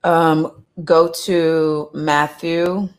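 A woman preaching a sermon, reading scripture aloud with animated, conversational asides to her listeners. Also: low voice, drawn-out words, clean tone.

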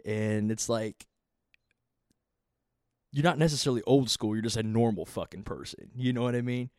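A man's voice: medium pitch, normal speed, darkish tone, no echo, clean studio sound. A man in his thirties ranting casually and profanely as a podcast host, rambling and exasperated. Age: 30s.

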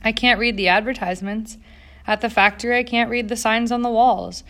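A woman's voice: a little high, fairly even intonation, fairly quick, fairly bright tone. A woman voicing a cheerful young immigrant factory girl who talks in a wistful, earnest way.

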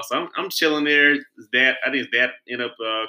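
A man tells a story among friends in a loose, rambling way, often starting his sentences over. His voice has a very bright edge. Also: medium pitch, a little fast, rough recording. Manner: rambling storyteller, many restarts. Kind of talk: casual chat.

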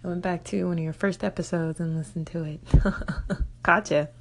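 A woman's voice: fairly low pitch, fairly even intonation, moderate pace, background noise. A woman from Arizona leaving an earnest, reflective voice message for a podcast host, with many "you know"s. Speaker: caller to the podcast. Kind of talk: casual voice message.

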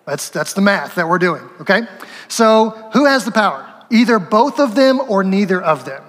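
A man's voice: high-pitched, big pitch swings, moderate pace, fairly bright tone, in a large hall. A man preaching a sermon as pastor, conversational and asking the congregation questions.

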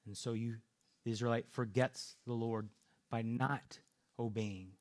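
A man's voice: medium pitch, steady tone, measured pace. Male preacher, earnest sermon delivery, frequent restarts. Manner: earnest, repeats words and restarts often.

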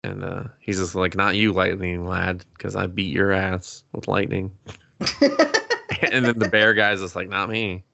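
A man's voice: deep voice, level tone, a little slow, vocal fry, sharp tone. A man hosting a casual podcast, retelling an anime episode with quoted lines and laughter. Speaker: podcast host. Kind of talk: casual anime review chat.

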